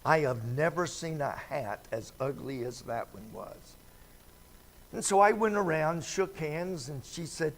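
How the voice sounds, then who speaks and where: A man's voice: a little high, expressive, a little slow. A man preaching a midweek church Bible study in a folksy, conversational way, often putting questions to the congregation. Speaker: pastor. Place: church sanctuary.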